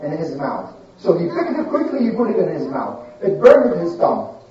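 A man telling a religious story to children in an animated way, often pausing to quiz them. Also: on the high side. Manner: animated, asks children questions. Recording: echoey room, distant muffled mic.

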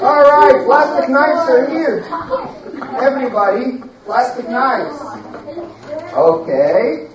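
A woman teacher telling a story to a class of children, animated and quizzing them with questions. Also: high-pitched, slow pace, pauses often, a crowd in the background. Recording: echoey room, distant, dull.

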